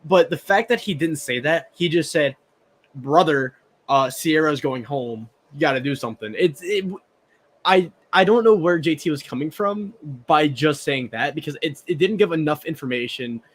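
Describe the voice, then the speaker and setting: A man with a Southern American accent co-hosts a podcast, speaking at a moderate pace in a fairly high voice. He chats casually and often repeats words as he starts a sentence.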